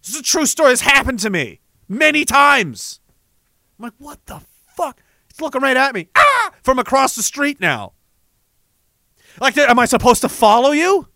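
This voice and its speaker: A young man rambling comedically to a live audience in a profane, animated way, reading viewer messages and breaking into sudden shouts. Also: very high voice, moderate pace, vocal fry, long pauses, no echo, clean studio sound. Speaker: live streamer.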